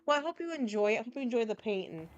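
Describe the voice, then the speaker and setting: A woman's voice: on the high side, animated, very fast, highs cut off, slight background noise. Rambling New woman streaming a game. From New Jersey. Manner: rambling and candid, restarts often. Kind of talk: casual live-stream chat.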